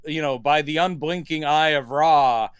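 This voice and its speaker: Smooth-voiced man discussing films. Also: a little high, a little slow, dry recording. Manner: thoughtful, hedging, laughs easily. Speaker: podcast co-host. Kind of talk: casual movie review chat.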